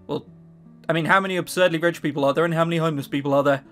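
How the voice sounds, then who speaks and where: A man hosting a let's-play, reading a visual novel aloud and reacting in an excitable, chatty way. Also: on the high side, very fast, soft background music. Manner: excitable, chatty, swears in surprise.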